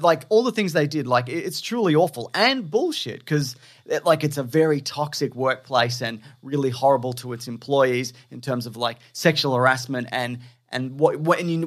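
A man's voice: mid-range voice, a bit bright. A man co-hosting a podcast in casual chat, rambling with lots of fillers and restarts, blunt and scornful. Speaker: podcast co-host.

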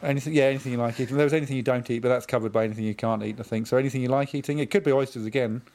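A man's voice: mid-range voice, fairly even intonation, racing, a little mellow. A man hosting a casual chat, asking questions in a dry, teasing way, recorded from his own home. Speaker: host.

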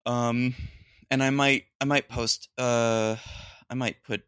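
A man's voice: mid-range voice, flat delivery, slow, a bit bright, clean tone, no echo, studio quality. A young man hosting a podcast on his own, rambling with lots of ums and restarts and throwing in crude jokes. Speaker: podcast host. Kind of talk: solo podcast rant.

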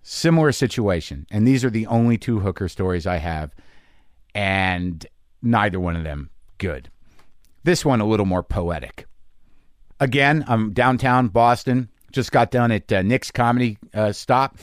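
A middle-aged man hosting a podcast, telling a candid comic story in a halting, confessional way full of fillers. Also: on the low side, lively intonation, dry recording, clean studio sound. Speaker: podcast host and comedian.

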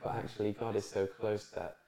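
A man co-hosting a podcast, chatting casually and warmly affirming his guest. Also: on the low side, little pitch movement, fairly quick, a crowd in the background. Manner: warm affirming listener, lots of "yeah". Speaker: podcast co-host. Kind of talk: casual chat. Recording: echoey room.

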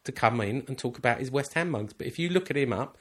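Excitable rambling man. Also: medium pitch, quick pace, breathy edge. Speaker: podcast co-host. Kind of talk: casual chat.

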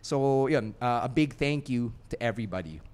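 A man's voice: mid-range voice, lively intonation, normal speed, a little mellow, clear, resonant tone. A Filipino man co-hosting a wrestling podcast, talking earnestly before a live audience, rambling with fillers and slipping into Tagalog phrases. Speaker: podcast co-host.

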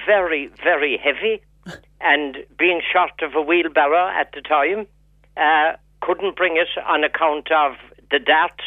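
A man, a psychotherapist, speaking as a radio guest in a relaxed, wry manner. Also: fairly high pitch, dry recording. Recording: tinny phone line.

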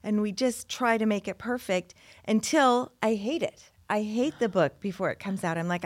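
A woman writer in a casual scripture-lesson chat, explaining in a brisk, wry way with repeated phrases. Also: mid-range voice. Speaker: writer joining the discussion.

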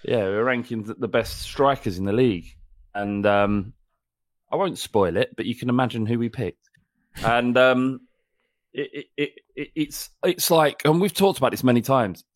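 A man's voice: mid-range voice, moderate pace, dry recording, clean studio sound. A man co-hosting a football podcast, talking bluntly with stammering restarts and the odd swear. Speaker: podcast co-host. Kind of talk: casual football chat.

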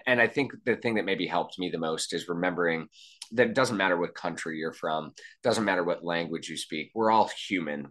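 A man's voice: low voice, fairly bright tone. A man speaking as an interview guest about communication, reflective and thinking aloud with frequent restarts. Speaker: guest, behavior and body language trainer. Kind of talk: conversational interview.

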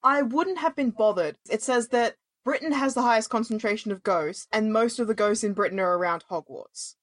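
A woman's voice: fairly high pitch, brisk, dry recording, studio quality. A young woman co-hosting a podcast, speaking in a wry, sarcastic, sweary way. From Australia. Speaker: podcast co-host. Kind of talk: casual chat.

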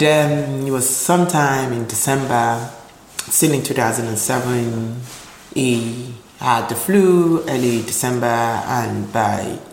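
A man from Nigeria telling his life story in an interview, animated and acting out voices in the quotes. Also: medium pitch, slight background noise. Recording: roomy echo with faint ambience.

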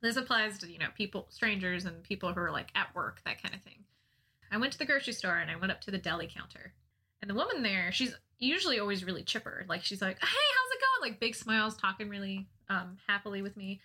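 A young woman casually telling a funny personal story, often laughing at herself in a self-mocking, animated way. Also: medium pitch, fast.

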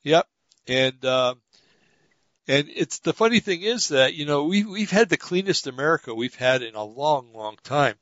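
A man's voice: a little high, expressive, normal speed, fairly bright tone, no echo. A man co-hosting a talk show, chatting casually about politics and rambling through stories with many fillers and restarts. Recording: dull lo-fi audio.

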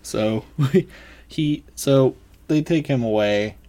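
A podcast co-host chatting casually, laughing often and reacting quickly. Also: medium pitch, mellow. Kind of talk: casual chat.

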